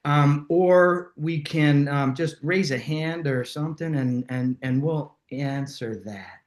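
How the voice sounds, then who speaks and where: Animated storytelling man, echoey room. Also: a little high, takes it slowly. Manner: animated, acts out voices in his stories. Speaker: host. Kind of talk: casual storytelling to a live online audience.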